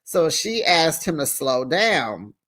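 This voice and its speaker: Slow, sassy reality TV recapper. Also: mid-range voice, sing-song, fairly bright tone. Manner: dramatic storyteller who acts out cast members' lines and laughs often; sassy, talks straight to the viewer. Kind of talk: casual chatty episode recap.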